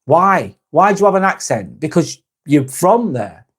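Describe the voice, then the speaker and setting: A British man hosting a live stream, chatting with viewers in a calm, relaxed, easygoing way. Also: a little high, measured pace, slightly rough. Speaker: live-stream host reading viewer comments. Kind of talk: casual live-stream chat.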